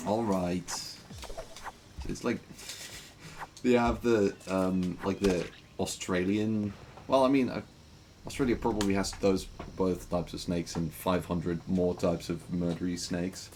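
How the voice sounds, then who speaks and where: A man's voice: low voice, a little slow, music in the background. A man streaming a game, joking and rambling with lots of fillers in casual commentary.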